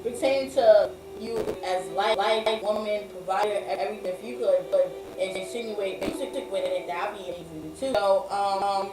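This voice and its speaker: Woman host, casual interview, quick affirmations, echoey distant sound, music in background. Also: mid-range voice.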